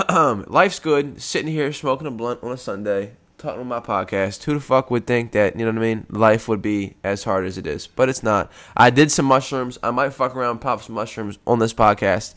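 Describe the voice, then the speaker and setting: An American podcast host chats casually on a solo show from home, rambling, swearing, and staying laid-back. He's congested from post-nasal drip. His medium-pitched, slightly bright voice moves at a moderate pace with hardly any pauses.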